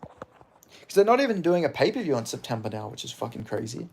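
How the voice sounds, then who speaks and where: A man's voice: mid-range voice, sing-song, fairly quick, creaky, slight background noise. A young Australian man from Western Australia chatting casually on a livestream about MMA, reading chat and rambling with plenty of swearing and filler words. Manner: rambling and profane, with frequent fillers and chuckles.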